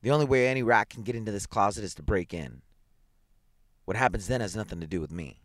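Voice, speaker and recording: A man's voice: lowish voice, fast, fairly bright tone, dry recording, clean studio sound, natural voice. A man voicing a ruthless, vindictive businessman who speaks harshly and chuckles at his wife's fears. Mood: cold gloating.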